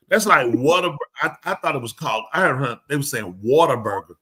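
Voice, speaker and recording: Guy on a live show, bright voice, acts out every back-and-forth. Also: medium pitch, fast, husky. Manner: animated, acts out quoted exchanges. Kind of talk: casual storytelling chat.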